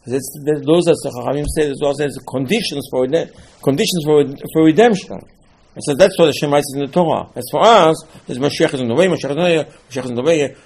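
A man's voice: medium pitch, darkish tone, husky. A man giving a Torah class sermon, telling stories and acting out dialogues with rising emphasis. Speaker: rabbi.

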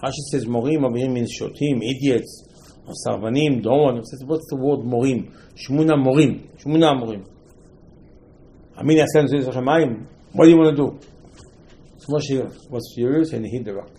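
A man, not an English speaker, teaches a Torah lesson as a lively story. His voice is dark and mellow, and he sits at an ordinary middle pitch for a man. He fires off rhetorical questions and acts out the figures he quotes. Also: moderate pace, poor audio.

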